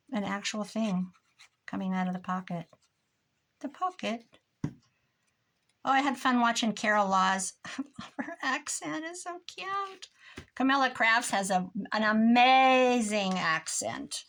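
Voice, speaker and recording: A woman's voice: fairly high pitch, fairly bright tone. An older woman chatting casually and rambling in a mock-grumpy way as she works on a craft project. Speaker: crafting vlogger. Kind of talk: casual chat while crafting.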